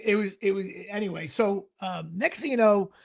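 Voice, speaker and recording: High-pitched gravelly man telling a rambling story. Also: normal speed. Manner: animated, rambling anecdote with frequent restarts. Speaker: podcast host. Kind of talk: casual storytelling chat.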